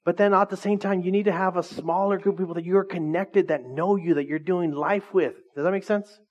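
A man's voice: sits high, steady tone, brisk. A man preaching a casual, conversational sermon to a small church, joking and speaking straight to the congregation. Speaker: pastor. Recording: dull lo-fi recording.

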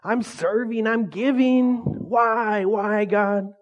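A man's voice: sits high, steady tone, takes it slowly, lo-fi sound, pitched above the performer's own voice. A man voicing a self-pitying male churchgoer who complains and pleads with God. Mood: whiny.

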